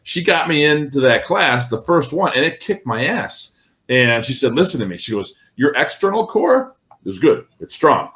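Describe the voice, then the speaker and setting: A man's voice: medium pitch, very animated, normal speed, fairly bright tone. A man co-hosting a podcast, chatting casually and checking in with "right?" and "you know.". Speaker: podcast co-host.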